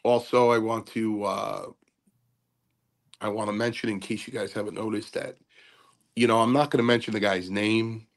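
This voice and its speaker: A low-pitched older man with a gravelly edge talks casually, circling back and repeating himself as he rambles. He has the halting, filler-heavy delivery of a former wrestler telling stories on his own show. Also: steady tone. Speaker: podcast host and former wrestler.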